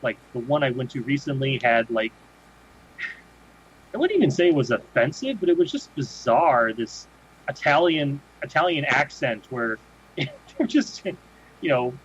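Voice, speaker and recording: A man's voice: mid-range voice, big pitch swings, unhurried. A man co-hosting a podcast, chatting casually and rambling with many restarts. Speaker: podcast co-host. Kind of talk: casual chat. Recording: dull lo-fi sound with faint noise.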